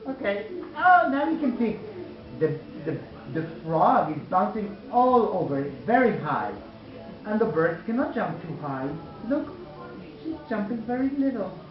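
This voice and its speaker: Animated woman telling a slow story. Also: medium pitch, reverberant, muffled recording, a crowd in the background. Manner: animated, slow and coaxing, with asides to the child. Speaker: parent telling a story to a child. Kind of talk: storytelling to a small child.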